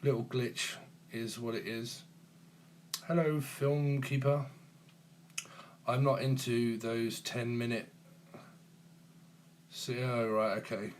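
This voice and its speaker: Guy in his 40s on a phone live stream, mid-pitched voice, teasing and jokey, bit of faint noise in the background. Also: fairly even intonation, takes it slowly, pauses often. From England. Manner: teasing, jokey, chuckles often. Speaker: tarot channel host. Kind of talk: casual live-stream chat with viewers.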